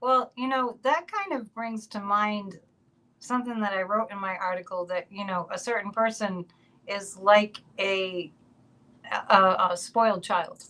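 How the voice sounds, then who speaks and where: A woman's voice: mid-range voice, measured pace, pushed and bright, low-quality recording. A woman hosting a casual spiritual podcast, chatty and laughing between remarks. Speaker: psychic podcast host.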